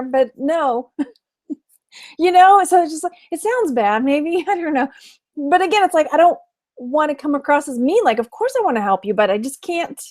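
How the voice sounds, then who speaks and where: A woman's voice: high-pitched, a little mellow. A woman from Texas chatting casually on a livestream, laughing often and reading out viewer comments. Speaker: online reseller and livestream host.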